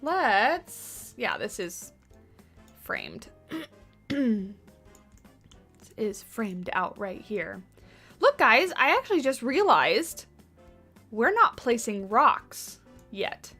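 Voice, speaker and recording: Woman streamer, bright crisp voice, a bit high, chatty and rambling, home mic with soft music behind. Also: huge pitch swings, very slow, long pauses. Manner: chatty, rambling, talks to chat readers. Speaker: livestreamer. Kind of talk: casual chat while building in a game. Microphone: USB desktop mic on boom arm.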